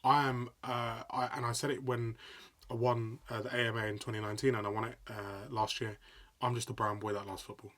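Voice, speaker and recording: A young adult man, a sports broadcaster, telling stories in an animated, excitable way during a casual interview. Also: mid-range voice, brisk. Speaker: sports broadcaster, podcast guest.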